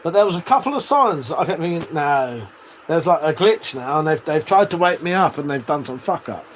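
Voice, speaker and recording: A man's voice: fairly high pitch, expressive, fairly quick, slight background noise, low-quality recording. Swearing man on a livestream. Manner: swears a lot, laughs often, banters with chat. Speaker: livestream host. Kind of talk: casual livestream chat reading comments.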